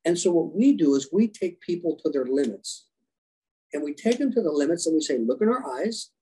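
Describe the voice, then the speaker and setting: A man with a husky, slightly raised voice tells stories as a podcast guest. His tone is mellow and warm rather than bright. He is animated and slips into the voices of the people he quotes. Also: fairly high pitch, brisk, poor audio. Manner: animated, acts out quoted dialogue. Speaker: guest, leadership coach and former special operations rescuer. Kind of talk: storytelling interview answers. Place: podcast conversation.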